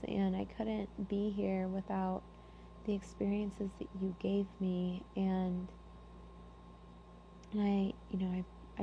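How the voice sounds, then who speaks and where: A young woman giving an earnest personal share in a support group, talking haltingly with many restarts. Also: creaky. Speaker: group member sharing. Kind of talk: personal sharing. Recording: muffled low-fidelity audio with faint hum.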